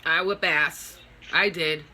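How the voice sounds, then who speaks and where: Grieving middle-aged woman for a personal vlog. Slow, halting delivery, very bright edge to the voice. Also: low voice, fairly even intonation. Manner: halting, raw, speaks in broken phrases. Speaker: vlogger.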